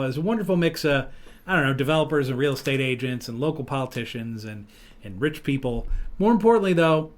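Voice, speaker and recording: Jokey Midwestern American man hosting a podcast. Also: on the high side. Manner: jokey, loose, with fillers and laughs. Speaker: podcast host. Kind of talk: casual podcast chat. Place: podcast studio.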